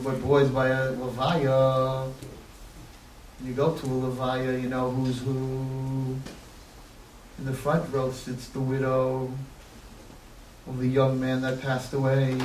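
A man's voice: mid-range voice, fairly bright tone, slight background noise. A man preaching an impassioned sermon that builds into crying pleas. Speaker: rabbi. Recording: echoey, distant mic, faint ambience.

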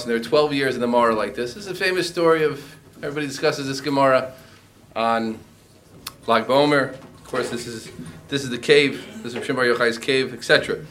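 A man's voice: mid-range voice, fairly bright tone. A man teaching a Talmud class, mixing Aramaic and Hebrew phrases into his English explanations.

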